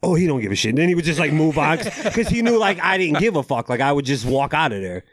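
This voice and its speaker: A man co-hosting a podcast, chatting casually and throwing in quick jokes. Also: a little high, big pitch swings. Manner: joking, quick wisecracks. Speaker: podcast co-host.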